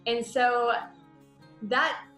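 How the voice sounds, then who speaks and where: A woman in her thirties telling a personal business story in a chatty, animated way, with many fillers. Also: fairly high pitch, very slow. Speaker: paint party business coach. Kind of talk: casual storytelling monologue. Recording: roomy echo with faint music.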